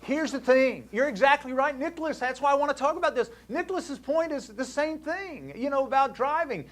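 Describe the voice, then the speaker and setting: Male talk host, high and lively, animated storyteller who acts out each voice. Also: brisk. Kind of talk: casual storytelling to a caller.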